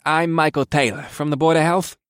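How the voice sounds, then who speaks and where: A man's voice: a little high, lively intonation, a little fast, no room sound, clean studio sound, voice pushed up, lightly acted. A man voicing a nervous, apologetic male health inspector who stammers when flustered.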